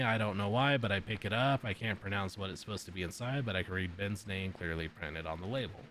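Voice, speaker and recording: A man's voice: low-pitched, fairly bright tone, slight background noise. A man streamer reading a visual novel's text aloud during a playthrough, breaking in with blunt sworn reactions.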